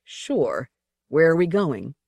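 A woman reads a grieving middle-aged man who is dying, worn down and speaking flatly. The storybook voice stays low-key and tired. The sound is dry and close. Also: slow pace, creaky, no echo, exaggerated voice. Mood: weary.

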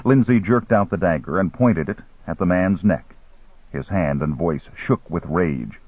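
Brief: low, husky male narrator, very animated pitch, phone-like sound. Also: moderate pace, dry recording. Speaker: audiobook narrator. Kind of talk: scripted novel narration. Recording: tinny phone-like line, dry.

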